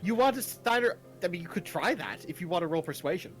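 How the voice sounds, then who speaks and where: A man runs a tabletop session as game master, his voice sitting a bit high. He talks loosely, laughing and restarting his sentences as he rules on the players' rolls. Faint music plays under the stream. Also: expressive, fast, a bit bright. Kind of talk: running a tabletop game over a live stream.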